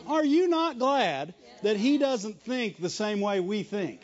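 A man preaching a sermon, emphatic and animated, chuckling often between points. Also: high voice, takes it slowly. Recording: dull lo-fi recording.

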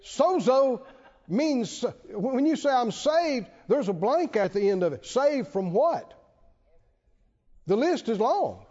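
A man with a very high-pitched, warm, sing-song voice preaches slowly to a congregation in church. He's emphatic and repetitive and often asks questions of those listening. Dull, lo-fi church hall reverb fills the recording.

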